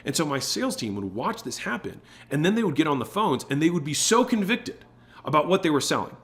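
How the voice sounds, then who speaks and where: A man's voice: a little high, sing-song, a bit bright. Emphatic man giving a business talk. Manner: emphatic, varies tone and pauses to make points. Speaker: business speaker.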